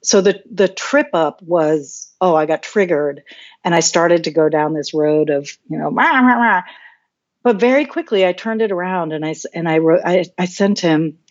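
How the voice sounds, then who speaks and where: A woman's voice: on the low side, normal speed, darkish tone, muffled recording. A woman guest telling a candid personal story, open and reflective, often restarting her sentences. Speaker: podcast guest.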